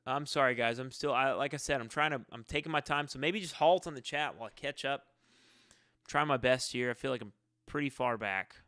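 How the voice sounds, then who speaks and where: A man with a bright, crisp voice answers fan questions in a relaxed live-stream Q&A. He rambles, halts and restarts his sentences. The sound is dry and close. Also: mid-range voice, fairly quick, dry recording.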